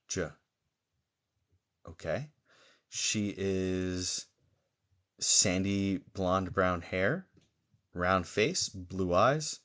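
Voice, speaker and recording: Man, psychic medium, live stream reading, slightly low voice, halting, pauses and fillers, gentle and reassuring. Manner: gentle and reassuring toward viewers.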